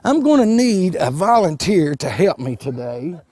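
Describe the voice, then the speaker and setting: A man, a wildlife educator giving a live demonstration to children, folksy and animated, restarting words with plenty of fillers. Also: sits high, moderate pace, no room sound. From Kentucky.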